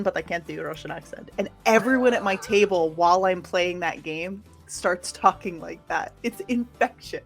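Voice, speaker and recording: A woman's voice: fairly low pitch, moderate pace, few pauses, faint music behind. A woman player in a tabletop game, telling a casual anecdote. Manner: chatty, anecdotal. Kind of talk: casual chat.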